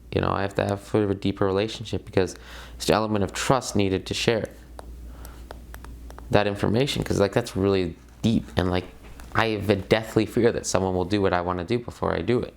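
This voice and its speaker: A man's voice: on the low side, gravelly. A young man teaching an online self-improvement lesson in a casual, emphatic way, with many fillers. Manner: conversational, emphatic, filler-heavy. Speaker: course instructor.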